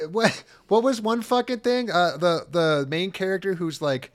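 A man's voice: sits high, a little slow. A man co-hosting a comedy podcast, swearing and emphatic, often laughing while he talks. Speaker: podcast co-host. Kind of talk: casual comedic chat.

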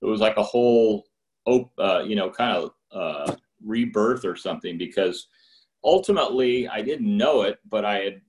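Low-voiced middle-aged man sharing his story. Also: animated, normal speed, a little mellow, slight background noise. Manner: candid and rambling, with restarts, acting out phone calls in higher voices. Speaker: speaker sharing at a recovery meeting. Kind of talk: personal testimony.

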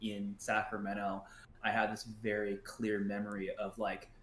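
A man's voice: fairly low pitch, completely flat delivery, fairly bright tone, slight background noise. Stumbling, roomy-sounding male podcaster. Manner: halting, many restarts and stumbles; swears freely, laughs often. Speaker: podcast co-host. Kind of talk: casual chat.

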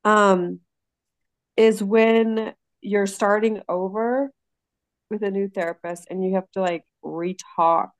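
Woman in her 40s, chatty and animated storyteller, swears a bit, middle pitch, dry close sound. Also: slow pace, no echo, rough recording. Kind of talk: casual chat.

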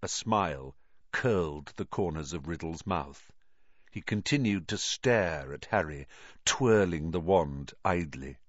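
A man's voice: deep voice, lively intonation, measured pace, no echo, lo-fi sound. A man narrating a fantasy storybook expressively and dramatically. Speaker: audiobook reader.

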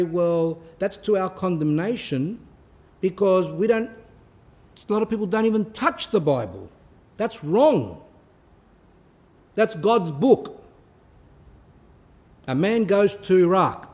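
A man who is a priest, giving an earnest sermon with pauses for emphasis. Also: sits high, big pitch swings, a little mellow. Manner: earnest, pausing to stress points.

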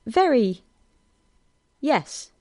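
Woman reading as a teasing young man, eager and breathless, slow steady delivery, dry close sound. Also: a little high, no echo, pitched above the performer's own voice, exaggerated voice. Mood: flustered.

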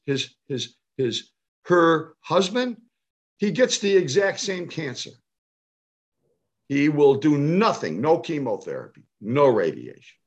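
Emphatic storytelling man in his seventies. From Cleveland area, United States. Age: 70s. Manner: emphatic, rising to a high pitch when stirred. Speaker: speaker on health and nutrition. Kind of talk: impassioned storytelling.

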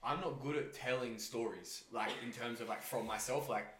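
A man's voice: medium pitch, normal speed, fairly bright tone, reverberant, slight background noise, rough recording. A man with an Australian accent hosting a podcast, telling a story in a rambling, sweary way full of "like". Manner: rambling, swears freely, lots of "like". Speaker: podcast host. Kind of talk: casual chat.

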